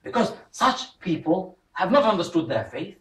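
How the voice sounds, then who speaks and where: A man's voice: sits high, big pitch swings, moderate pace, a bit bright. A man giving a religious talk as an imam to a congregation in a mosque hall, telling stories with humor and acting out the voices he quotes. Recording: roomy hall, voice from a distant mic.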